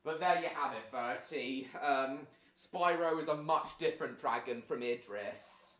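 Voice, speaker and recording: A man's voice: mid-range voice, measured pace, fairly bright tone, roomy sound. A man hosting a live stream, chatting casually over a show, rambling with many fillers and restarts.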